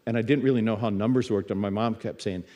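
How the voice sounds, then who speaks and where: A man's voice: lowish voice, fairly even intonation, fast talker, muffled recording. A middle-aged man teaching in a church service in a conversational, storytelling way, often stammering and restarting his words.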